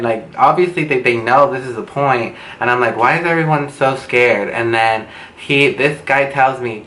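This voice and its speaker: Young guy spilling a storytime, bright voice, echoey room, bit of noise behind. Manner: animated, swearing, acts out quotes with jumps in pitch. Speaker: vlogger. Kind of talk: storytime vlog.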